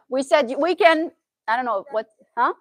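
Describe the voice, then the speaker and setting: High-voiced woman with a Syrian Arabic accent. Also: lively intonation, a little slow, dry recording, low-quality recording. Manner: chatty, asks the audience questions. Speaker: therapist giving a talk. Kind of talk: interactive motivational talk.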